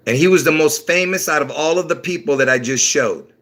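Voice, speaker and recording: A man hosting a rambling religious livestream, repeating himself and bursting into excited emphasis, his words a little slurred from dentures. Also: a little high, a little fast. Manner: chuckles at his own slips. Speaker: livestream host.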